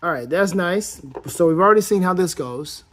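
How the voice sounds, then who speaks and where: Male toy reviewer, casual and rambly, a bit high-voiced. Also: lively intonation, moderate pace. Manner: rambling and playful, thinks aloud while posing the figure. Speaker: toy collector reviewing action figures.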